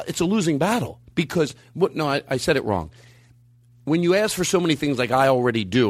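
A man hosting a podcast in casual chat, rambling and animated, jumping his voice up high when he quotes people. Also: no echo. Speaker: podcast host. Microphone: studio mic.

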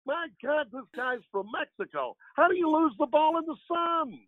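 A man imitating an older baseball play-by-play announcer, with a slow drawl and loud exclamations, over a phone line. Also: very high voice, animated, voice pushed up. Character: older male baseball announcer, boozy and gruff.

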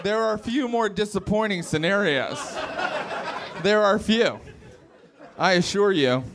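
A young man from West Virginia doing a stand-up comedy set on a club stage, animated and self-mocking, slipping into exaggerated voices. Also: high voice, slow pace, crowd noise.

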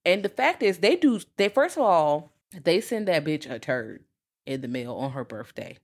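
A woman co-hosting a podcast in casual film chat, talking in a profane, lively way. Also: sits low, moderate pace. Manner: profane, lively, acts out quotes in character. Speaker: podcast co-host.

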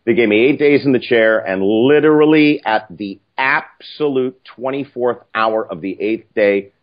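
An older man telling stories casually, animated and profane, acting out other people's lines. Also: medium pitch, unhurried. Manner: animated, profane, acts out quoted voices. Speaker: film writer-director guest. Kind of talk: casual anecdotal storytelling. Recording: muffled lo-fi audio.

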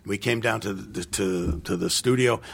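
A gravelly, husky older man recalls his filmmaking days in a loose, rambling way. He often restarts his sentences and acts out what other people said. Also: lowish voice, normal speed. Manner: rambling anecdotes with restarts and acted-out quotes. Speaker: film director. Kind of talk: casual interview storytelling.

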